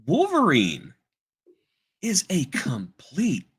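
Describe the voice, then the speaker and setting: Sarcastic male co-host, husky bright voice, mimics characters mid-chat. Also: high voice, huge pitch swings, very slow. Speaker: podcast co-host. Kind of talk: casual podcast chat.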